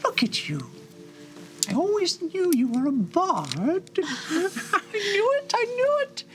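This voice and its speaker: A man's voice: huge pitch swings, slow, faint music behind, full character voice. A man playing a frail, tender old gnome grandmother. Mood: tender, proud. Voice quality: soft, breathy and high. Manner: tender, gently reassuring.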